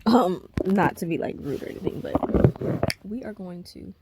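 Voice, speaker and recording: Chatty woman with a gravelly voice. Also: fairly low pitch, expressive, moderate pace, heavy background noise. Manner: chatty, rambling with many fillers. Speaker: reading vlogger. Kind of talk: casual vlog chat. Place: at home. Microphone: camera.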